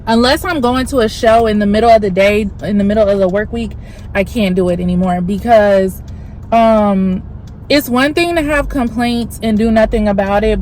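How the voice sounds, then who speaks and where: A woman's voice: on the high side, darkish tone, slight background noise, low-quality recording. A woman in her thirties telling a story to her viewers in a casual vlog, talking animatedly from inside a car. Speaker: vlogger.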